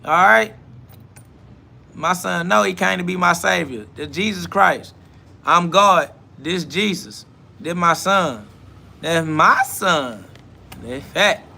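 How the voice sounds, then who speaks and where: Blunt, bright-voiced man preaching on a live podcast. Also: sits high, slow, creaky, pauses often. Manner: blunt, profane, preachy, repeats "facts"; answers chat comments aloud. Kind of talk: live self-talk podcast monologue.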